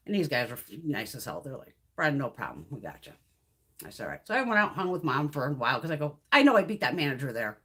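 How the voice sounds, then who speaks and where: A middle-aged woman telling a long story with lots of swearing on a beauty livestream, acting out what everyone said. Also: medium pitch. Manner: profane, animated storytelling, acts out quoted voices.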